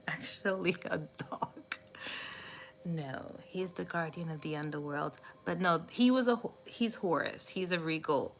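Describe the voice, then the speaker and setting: Woman tarot streamer chatting away, bright forceful voice, lowish pitch, bit of hiss behind. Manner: chatty and affectionate, cooing baby talk at her cat. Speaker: tarot reader live streaming. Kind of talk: casual live-stream chat with viewers.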